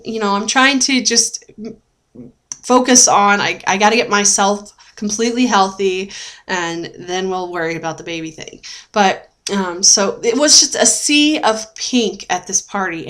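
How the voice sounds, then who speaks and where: A woman's voice: medium pitch, fairly bright tone. A young adult woman talking in a casual video diary, chatty and rambling with lots of fillers, often laughing and getting emotional. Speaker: vlogger sharing a weight-loss journey.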